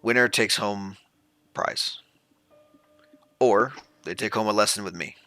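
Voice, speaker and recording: A man's voice: on the low side, measured pace, sharp tone, no echo, faint music behind. A man voicing a retired male ranger in his thirties who runs fight lessons, speaking in a plain, hesitant drawl. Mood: gruff.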